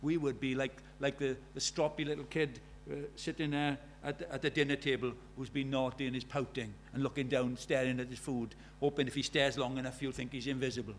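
A man preaching a sermon, pleading with his listeners in a voice that rises to urgent calls and sinks to hushed storytelling. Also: medium pitch, flat delivery, fairly quick, hardly any pauses, slight background noise.

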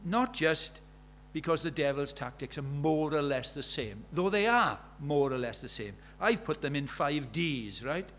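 A man preaching a sermon, animated and rhetorical, asking the congregation questions and acting out the voices he quotes. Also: a little high, a little slow, hardly any pauses.

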